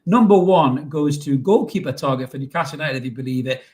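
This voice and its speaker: A man's voice: medium pitch, fast, darkish tone. A middle-aged man co-hosting a casual football podcast, cheeky and joking, swearing freely and laughing often. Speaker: podcast co-host.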